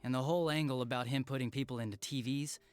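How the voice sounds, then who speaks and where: An actor playing a calm, matter-of-fact young police detective in a video game. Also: male voice, mid-range voice, fast, soft background music, close to an everyday voice.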